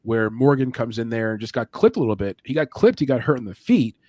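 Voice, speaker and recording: A man's voice: medium pitch, very animated, quick pace, a little mellow, no echo. A man hosting a sports betting show, talking animatedly through fight picks and odds. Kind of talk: casual sports betting chat.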